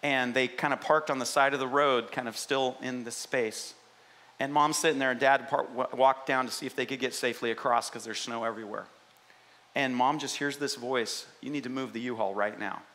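Bright-voiced man preaching a lively sermon. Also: mid-range voice, normal speed. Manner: animated, conversational, asks the congregation questions. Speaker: pastor.

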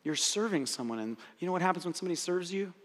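Man, high bright voice, animated preacher, acts out quotes, echoing hall. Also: racing. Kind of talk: sermon-style teaching. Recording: reverberant hall.

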